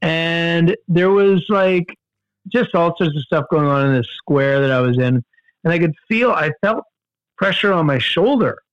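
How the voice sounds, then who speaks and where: Animated man telling a story. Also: unhurried, no echo, lo-fi sound. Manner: animated, jumps in pitch for quoted outbursts, many fillers and restarts. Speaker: guest storyteller. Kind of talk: casual anecdote in conversation.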